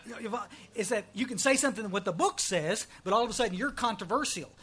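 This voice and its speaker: A middle-aged Texan man speaks to a recovery meeting in a folksy, joking, emphatic way. His voice sits high for a man. He talks plainly and directly to the room. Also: animated, fast, pushed and bright. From Texas. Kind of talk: testimony talk.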